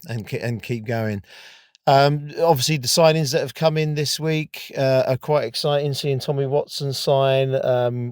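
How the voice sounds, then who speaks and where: A man's voice: fairly low pitch, dry recording, clean studio sound. A man leaving a voicemail to a football podcast, rambling and hesitant with many restarts. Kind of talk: fan voicemail about football.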